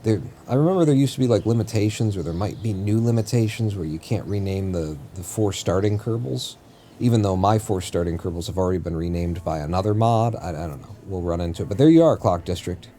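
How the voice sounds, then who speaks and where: A man's voice: low voice, animated, a little fast, warm tone, a little hiss or hum. A man streaming a game live, chatting casually in a rambling, joking way and often correcting himself mid-sentence. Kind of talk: casual live-stream chat while playing.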